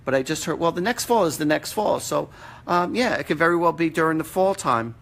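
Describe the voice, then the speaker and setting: A man's voice: on the high side, expressive, a little fast, fairly bright tone. A man hosting a live-stream session, giving casual, blunt readings with some mild swearing. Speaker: psychic medium host. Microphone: computer or phone mic on a live stream.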